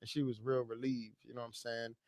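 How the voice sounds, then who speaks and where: A man's voice: medium pitch, level tone, fast talker, a little mellow, no echo. Man telling a heartfelt story, close and dry. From Chicago. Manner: emotional, conversational, many fillers. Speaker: livestream host. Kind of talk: casual storytelling.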